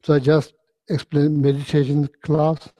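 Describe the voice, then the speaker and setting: Man, Buddhist teacher; slightly high, warm voice; halting, chuckly storyteller. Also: level tone, no room sound. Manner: halting, repeats words, chuckles often, chatty. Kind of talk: relaxed dharma talk storytelling.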